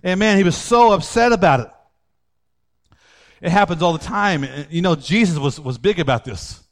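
A middle-aged male pastor preaching a sermon, swinging from loud outbursts to low quiet asides. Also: normal speed.

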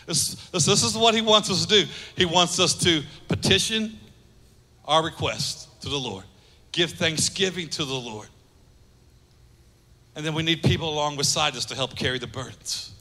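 Man preaching a sermon, earnest, repeats himself for emphasis, higher voice, big echoey church. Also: lively intonation, moderate pace. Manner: earnest, repeats phrases for emphasis, drops soft for key lines. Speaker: pastor.

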